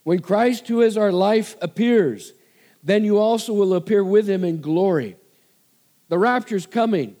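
A man's voice: high voice, measured pace, warm tone. A male pastor preaching a sermon, emphatic, repeating commands and calling for amens.

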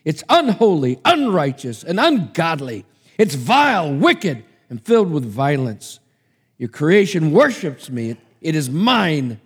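A man's voice: fairly high pitch, very animated, unhurried, a little mellow. A man preacher reading the lines of Satan, a scheming, defiant fallen angel, in an emphatic, taunting way. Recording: long hall reverb.

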